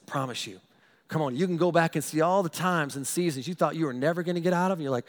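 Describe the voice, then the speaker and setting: A middle-aged man, a pastor, telling a funny personal story in a sermon, animated and self-mocking, often repeating his words. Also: a little high, fast talker.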